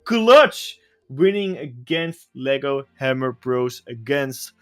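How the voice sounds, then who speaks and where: A man with a Dutch accent giving lively, excitable play-by-play commentary as an esports caster. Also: mid-range voice, slow pace, soft background music.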